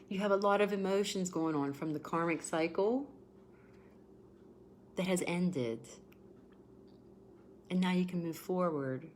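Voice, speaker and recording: A woman's voice: low voice, slight background noise. A woman in her forties giving an emotional, repetitive tarot reading on a livestream, greeting viewers by name as she talks. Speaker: tarot reader.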